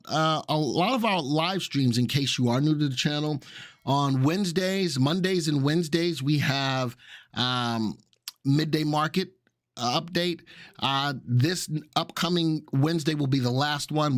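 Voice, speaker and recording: A man's voice: mid-range voice, no echo, clean studio sound. A man hosting a live market stream in a chatty, upbeat way, with many fillers. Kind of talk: casual live stream talk.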